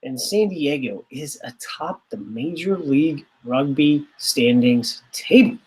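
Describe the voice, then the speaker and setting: A man's voice: a little high, lively intonation, takes it slowly, a little mellow. A man co-hosting a podcast in casual chat, rambling and sarcastic, often trailing off. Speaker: podcast co-host.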